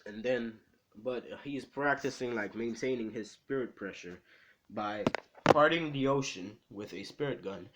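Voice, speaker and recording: A man's voice: mid-range voice, unhurried, fairly bright tone, slight background noise. Rambling, swearing man telling a story. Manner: rambling, profane, lots of "you know". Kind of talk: casual spoken fan story.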